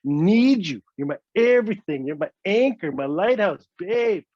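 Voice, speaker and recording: A man's voice: sits high, animated, a little slow, darkish tone, no echo. A man playing a hockey-crazed husband who grovels and pleads in baby talk, recorded dry and dull. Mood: pleading.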